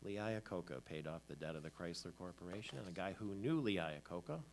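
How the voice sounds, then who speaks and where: A man's voice: sits low, animated, brisk, a little hiss or hum. Chatty male morning show host. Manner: chatty, with many "uh" fillers. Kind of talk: casual chat and news talk.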